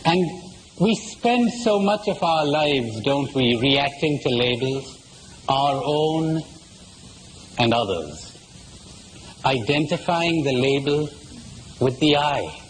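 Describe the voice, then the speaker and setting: Slow, lively-pitched male spiritual speaker. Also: slight background noise, poor audio. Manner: asks rhetorical questions and tells jokes. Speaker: retreat speaker. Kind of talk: spiritual lecture to a live audience.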